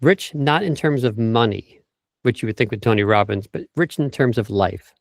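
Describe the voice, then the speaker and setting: A man guest on a video call, talking like a vocal coach who walks through his tips one by one. His voice sits at an ordinary middle pitch. The sound is dry, with no room around it. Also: lively intonation, normal speed, dry recording. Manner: explanatory, lists tips, demonstrates speech habits. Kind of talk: interview over video call.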